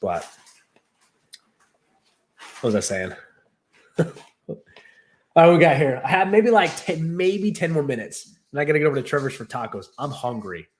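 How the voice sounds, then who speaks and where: A man's voice: fairly high pitch, big pitch swings, normal speed, pauses often, a little hiss or hum. A man casually chatting on his livestream, rambling and laughing as he tells stories. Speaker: streamer and host. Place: new home in Texas.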